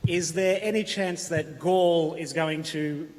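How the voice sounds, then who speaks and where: A man's voice: on the high side, fairly even intonation, takes it slowly, a little mellow. Chatty man asking from the floor. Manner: chatty, self-correcting. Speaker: audience member asking a question. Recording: convention hall reverb.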